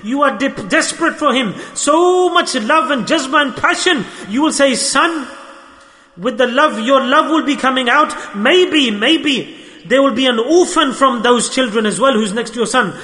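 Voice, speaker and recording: A man's voice: very high voice, animated, normal speed, pushed and bright. A man preaching an impassioned sermon, repeating phrases and acting out the voices in his stories. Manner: impassioned, repetitive, acts out quoted voices. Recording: long hall reverb.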